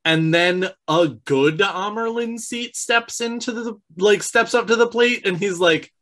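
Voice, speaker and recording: A co-host who talks slowly and deliberately, building a profane, laughing rant about a character they can't stand. The voice sits at an ordinary middle pitch in a relaxed round-table chat. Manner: unhurried, profane, laughing rants. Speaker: podcast co-host. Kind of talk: casual comedic book chat.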